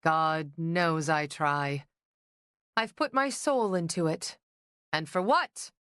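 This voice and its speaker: A woman's voice: low voice, slow, a bit bright, clear, resonant tone, dry recording, clean studio sound. A woman voicing a theatrical, melodramatic older man, an eccentric painter father who bellows and grumbles in an audiobook. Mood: theatrical lament. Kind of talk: audiobook character voice.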